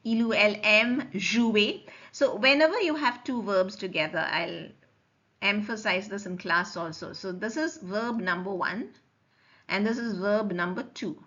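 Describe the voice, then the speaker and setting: A woman teaching French in a recorded lecture, explaining slowly, repeating forms and checking that students follow. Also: medium pitch, bright, forceful tone. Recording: dull lo-fi recording.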